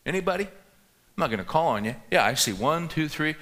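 A man's voice: fairly high pitch, animated, a little fast, fairly bright tone. A middle-aged man preaching a sermon, telling a personal story in a conversational way and asking the congregation questions. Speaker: pastor.

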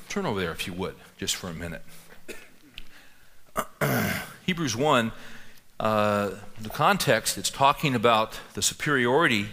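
A man's voice: on the low side, pushed and bright. A middle-aged man preaching a sermon, telling a personal story in a conversational way and asking the congregation questions. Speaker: pastor.

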